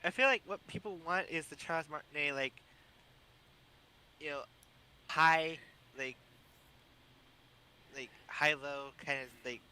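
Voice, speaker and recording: Dude co-hosting a podcast, kinda high bright voice, rambly and opinionated, faint hum behind. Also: male voice, a little slow, pauses often, smooth, rough recording. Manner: rambling, heavy on fillers, opinionated. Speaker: podcast co-host. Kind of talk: casual chat.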